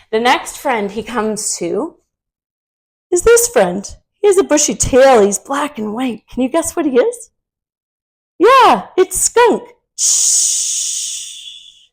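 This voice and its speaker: A woman teaching children's yoga through a story, gentle and asking the kids questions as she guides the poses. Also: mid-range voice, lively intonation, slow.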